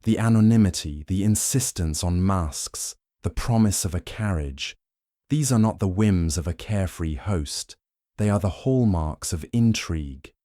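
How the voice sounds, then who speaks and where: Fussy male detective, done by a man, French accent, soft but commanding, a little higher than the narration, dry close sound. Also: animated, measured pace, no echo.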